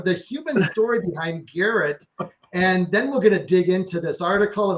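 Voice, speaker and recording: A man's voice: high-pitched, a bit bright, dull audio. A man hosting a nursing education interview, earnest and sincere, with many "you know" fillers. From Minnesota. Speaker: podcast host. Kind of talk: interview conversation.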